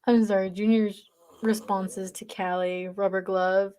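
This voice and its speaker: A woman's voice: mid-range voice, little pitch movement, measured pace, mellow. A woman chatting casually with viewers on a livestream, teasing them and reading their comments aloud. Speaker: livestream reader.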